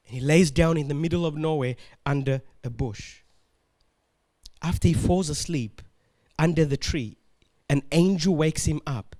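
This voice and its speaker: A man preaching a sermon as pastor, animated and laughing often as he acts out the complaints of the figures he talks about. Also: fairly high pitch, measured pace, long pauses.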